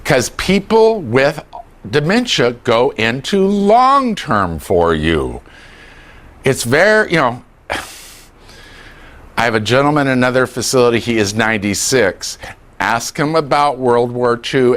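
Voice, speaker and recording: Animated man giving a care lecture. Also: mid-range voice, a little slow. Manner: animated, acts out quoted dialogue. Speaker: dementia care educator. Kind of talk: lively training lecture. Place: room with a live audience.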